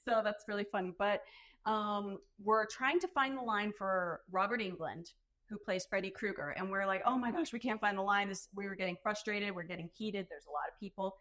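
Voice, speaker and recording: A chatty woman at an ordinary mid pitch, talking as a podcast guest. Her speech is loose and casual, full of "like" fillers. She breaks into laughs often. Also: a little fast, a bit bright. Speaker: podcast guest, burlesque performer. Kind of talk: casual storytelling chat.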